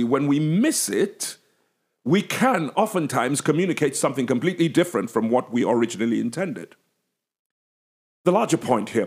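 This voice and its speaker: Male pastor, from England; animated, emphatic teaching talk with a lively, slightly high voice. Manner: animated, emphatic storytelling with playful asides. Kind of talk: podcast-style teaching talk.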